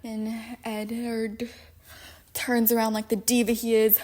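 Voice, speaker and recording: A young adult woman giving casual film commentary in a profane, sarcastic, animated way. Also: on the high side, slow. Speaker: YouTube commentator.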